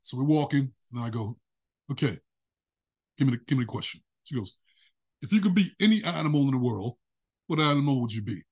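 A man's voice: medium pitch, fairly quick, pauses often, husky, muffled recording. A man guest on a podcast, telling a story with energy and acting out the voices of the people in it. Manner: animated, acts out voices in his story. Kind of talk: casual storytelling interview.

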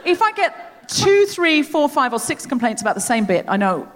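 A woman with a high, lively voice spins self-mocking stories on a theatre stage. Her pitch leaps about as she talks. The hall's long reverb rings after each line. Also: moderate pace. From Australia. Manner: animated, self-mocking storytelling. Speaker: podcast host. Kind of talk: live comedy banter.

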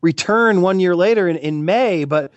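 A man chatting as a guest commentator on a podcast, excitable and rambling, joking as he goes. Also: sits high, moderate pace, no room sound, muffled recording. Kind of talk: casual podcast chat.

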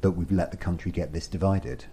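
Low, dark-voiced man chatting. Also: fairly quick, vocal fry, slight background noise. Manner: chatty, animated, self-deprecating. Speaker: podcast co-host. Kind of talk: casual conversational chat.

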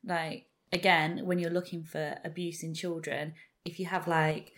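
A woman co-hosting a podcast in a relaxed, chatty way, leaning on "like" as she talks her points through. Her voice sits a little lower than most women's. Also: unhurried. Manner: explains with lots of fillers like "like". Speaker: podcast co-host. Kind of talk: casual chat.

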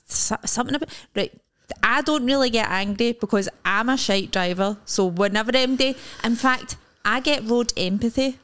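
A woman with a Scottish accent co-hosting a podcast in casual chat, wry and chatty, often chiming in with quick agreement. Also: on the high side, fairly bright tone, clean tone. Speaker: podcast co-host.

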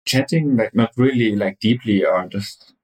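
A man with a German accent, English not his first language, tells his side of the story at a hesitant pace, stopping often to find his words. His voice sits a little low. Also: normal speed, a little mellow, rough recording. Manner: hesitant, searching for words, many fillers. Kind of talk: casual storytelling.

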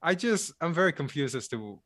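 A man's voice: a little high, very animated, fairly quick, fairly bright tone, no room sound, clean studio sound. A man in casual podcast chat, making wry, sarcastic asides. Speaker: podcast co-host.

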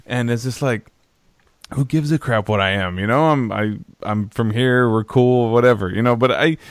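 A man with a voice of middle pitch hosts a relaxed podcast chat. He stammers and repeats words as he works toward his questions, and laughs along easily. The recording is dry and close. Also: moderate pace, dry recording. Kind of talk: casual podcast interview.

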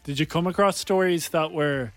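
A man's voice: on the high side, moderate pace, dry recording, soft background music. A man co-hosting a radio podcast, teasing his partner and pressing with questions. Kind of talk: casual radio chat.

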